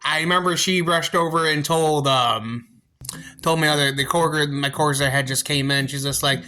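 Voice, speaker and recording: A young man telling a work story in a casual vlog, rambling and halting, acting out the quotes. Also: on the high side, steady tone, bright, forceful tone, faint music behind.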